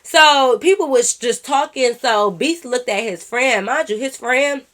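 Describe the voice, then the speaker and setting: A woman telling a story to her viewers in a casual vlog, animated and profane, calling them y'all. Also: high voice, unhurried. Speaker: YouTube storyteller.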